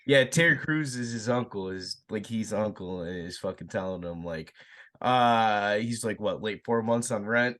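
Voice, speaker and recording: Animated swearing man reviewing a movie. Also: fairly low pitch, normal speed. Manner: animated, swears a lot, retells scenes with laughter. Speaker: podcast co-host. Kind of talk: casual movie review chat.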